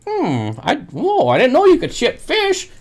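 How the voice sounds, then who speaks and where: A man's voice: extremely high pitch, huge pitch swings, measured pace, pitched above the performer's own voice, exaggerated voice. A man mimicking a baffled young woman customer, speaking in squealing, exaggerated disbelief. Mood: amazed disbelief.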